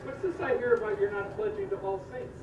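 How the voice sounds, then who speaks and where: Casual: man doing a chirpy high neighbor guy talking someone into pledging, lo-fi and far away, echoey. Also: fairly quick, a little mellow, slight background noise, natural voice. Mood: persuading. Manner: upbeat, persuasive. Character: cheery neighbor man, scolding but friendly. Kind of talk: amateur comic church video. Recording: dull distant roomy video playback.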